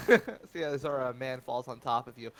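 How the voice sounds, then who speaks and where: A man narrating as game master of a tabletop role-playing game, often pausing with fillers as he describes scenes. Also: medium pitch, expressive, fairly bright tone. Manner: halting, filler-heavy narration.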